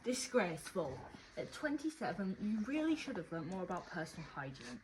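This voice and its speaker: A woman's voice: on the low side, very animated, brisk, background noise. A woman vlogging from her stable, talking fondly and teasingly to her horses and viewers. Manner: fond, teasing, mock-stern talk to horses. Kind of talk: casual vlog chat to horses and viewers.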